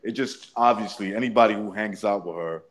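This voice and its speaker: A man with a lowish voice talks in brash, blunt banter. He is crude and sure of himself, and he cuts in quickly with opinions. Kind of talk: casual chat.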